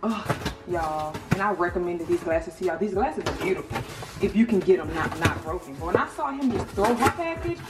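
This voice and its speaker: A woman's voice: on the low side, fairly quick, background noise. A woman of thirty chatting casually and expressively to her viewers in a vlog from her apartment. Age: 30s. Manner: expressive, animated, talks straight to viewers. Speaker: lifestyle vlogger. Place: apartment room. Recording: roomy echo with music behind.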